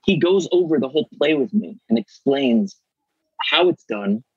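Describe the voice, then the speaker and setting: A middle-aged man, an actor guest, telling animated stories in casual chat and acting out the voices of people he quotes. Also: fairly high pitch, moderate pace, gravelly, husky, no echo, highs cut off. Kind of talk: casual storytelling.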